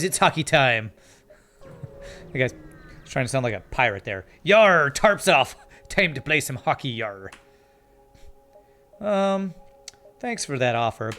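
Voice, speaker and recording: Man, from Canada, game streamer, mock-polite, apologetic, mid pitch, faint game music. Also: a bit bright. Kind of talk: live game commentary reading chat.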